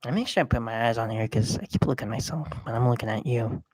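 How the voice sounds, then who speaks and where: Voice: medium pitch, fast, a little mellow, breathy edge, no echo. Rambling young gamer, dry close mic. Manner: rambling and self-talking. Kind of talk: casual gameplay commentary. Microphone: close microphone.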